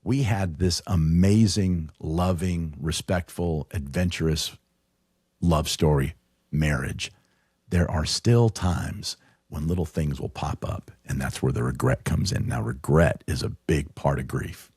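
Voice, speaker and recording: A deep-voiced middle-aged man tells a heartfelt personal story as a podcast guest. He speaks earnestly, stumbling and restarting as he goes. The recording is close and dry, with no room sound. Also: a little mellow, slightly rough, dry recording. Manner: earnest, halting, with frequent restarts. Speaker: podcast guest, show producer. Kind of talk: emotional personal storytelling in conversation.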